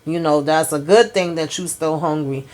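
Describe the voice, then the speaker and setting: A prim foster mother who talks down to a child with cheery, patronizing sweetness, as a woman puts her on in a retelling. The lilt rises a little above the narrator's own lowish voice but stays close to it. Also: moderate pace, a little mellow, close to an everyday voice. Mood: sweetly patronizing.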